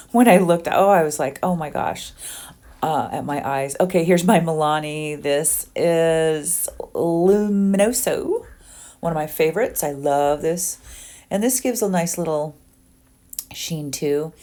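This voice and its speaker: A woman's voice: low-pitched, mellow. A woman in her sixties chatting casually through her makeup routine on camera at home, rambling with ums and little asides. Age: 60s. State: under the weather. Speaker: beauty vlogger. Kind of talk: casual get-ready-with-me makeup tutorial.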